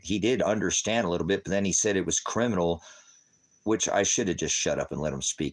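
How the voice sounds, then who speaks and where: A middle-aged man ranting angrily on a livestream as a father, cursing heavily and swinging from shouting to quiet. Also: deep voice, fairly quick. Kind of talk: angry livestream rant.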